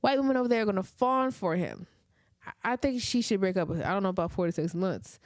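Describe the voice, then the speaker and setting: A woman's voice: medium pitch, lively intonation, fast, no echo. A woman hosting a casual recap vlog about a reality TV show, talking in a chatty way with lots of "like" and rhetorical questions. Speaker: reality TV reviewer.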